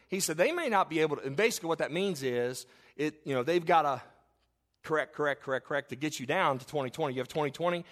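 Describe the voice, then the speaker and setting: A middle-aged man preaches from the pulpit in a fairly high voice. He tells a story full of quoted back-and-forth and leans hard into the punch lines. He slows way down and gets loud when he drives a point home. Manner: storytelling, quoting others in dialogue; swells loud and slow on emphatic lines. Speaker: pastor. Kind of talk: sermon.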